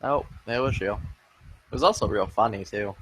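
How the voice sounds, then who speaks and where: A man's voice: fairly low pitch, normal speed, slight background noise, low-quality recording. A young man chatting casually in an online lobby, laughing and swearing as he retells a story. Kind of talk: casual chat.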